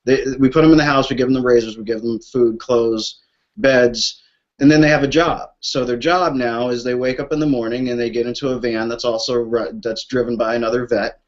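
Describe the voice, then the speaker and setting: A man's voice: mid-range voice, steady tone, brisk, lo-fi sound. A man on a group call speaking about his veterans' flag program, emotional and blunt, swearing and repeating himself. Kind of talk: impassioned talk on a group call. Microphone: call line.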